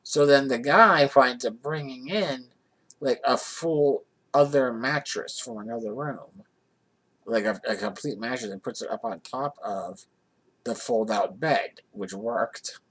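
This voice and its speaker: A man's voice: mid-range voice, fairly bright tone. Man rambling through a personal road-trip story. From Johnstown area, USA. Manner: rambling, with many restarts. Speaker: vlogger. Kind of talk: casual personal anecdote.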